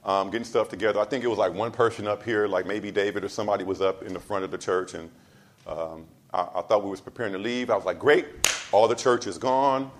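A pastor delivering a sermon, driving points home with repeated lines and swinging between loud emphasis and soft asides. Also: male voice, deep voice, steady tone, quick pace. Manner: casual storytelling asides.

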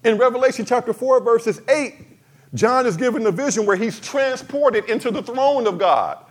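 A man preaching a sermon to his congregation, swinging from fervent cries to soft, emphatic lines and addressing the church directly. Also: very high voice, expressive, moderate pace. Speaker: pastor.

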